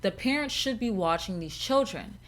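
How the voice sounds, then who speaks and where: A young woman hosting her own podcast and chatting casually on her own, blunt and profane, with laughs and lively emphasis. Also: mid-range voice, moderate pace. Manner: animated, with laughs and shifting emphasis. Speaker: podcast host. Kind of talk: casual solo podcast chat.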